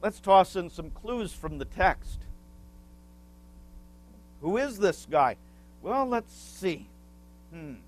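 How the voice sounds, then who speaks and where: A male pastor delivers a sermon at an unhurried, deliberate pace. His voice sits a little high for a man. He teaches with small asides and puts questions to the congregation, waiting for answers. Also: expressive.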